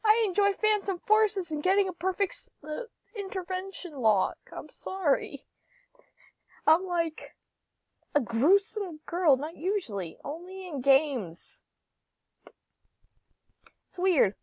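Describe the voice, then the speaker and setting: A woman's voice: very high voice, animated, takes it slowly, long pauses, darkish tone, no echo. A young woman giving giggly, playful gameplay commentary, sometimes singing or whispering. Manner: giggly, playful, drifts into sing-song and whispers. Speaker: gaming YouTuber.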